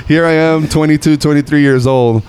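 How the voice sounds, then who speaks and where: A man's voice: a little high, moderate pace, clear, resonant tone. A man in his thirties from Northern Nevada, a comedian guest telling stories casually and laughing at his own tales. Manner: animated, laughs at his own stories, says bro and dude. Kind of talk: casual storytelling.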